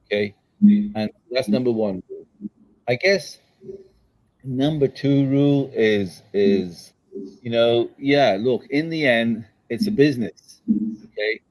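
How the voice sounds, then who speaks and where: Older man, interview guest, emphatic storyteller, keeps asking "okay?", middle pitch. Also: slow pace, long pauses, poor audio. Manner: emphatic, checks in with "okay?" and "all right?". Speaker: guest entrepreneur. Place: his daughter's house.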